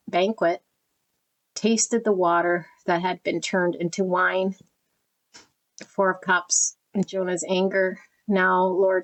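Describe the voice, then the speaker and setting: A woman reading card texts aloud in a tarot deck flip-through at home, slowly and tenderly, easily moved. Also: on the low side, rough recording.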